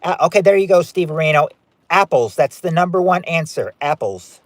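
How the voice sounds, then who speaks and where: A man's voice: on the high side, brisk, no echo. A man hosting a live-stream game night, chatting as he reads out viewer guesses and rules on each one. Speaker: game show host.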